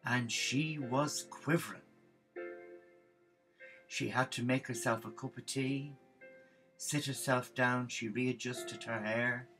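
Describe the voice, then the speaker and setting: Man, comic storyteller, gravelly voice, medium pitch, lively narration, faint music behind. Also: slow pace, long pauses, poor audio. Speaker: religious storyteller.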